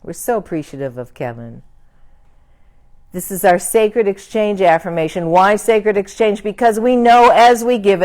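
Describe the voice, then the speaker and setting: A woman minister leading a prayer and closing a church service in a gentle, prayerful way. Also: mid-range voice.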